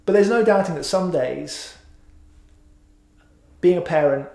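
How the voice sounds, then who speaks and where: A man's voice: high voice, a little slow, gravelly, darkish tone. A middle-aged man preaching a sermon in a church, chatty and self-mocking, with many "uh"s. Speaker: pastor. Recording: echoey hall.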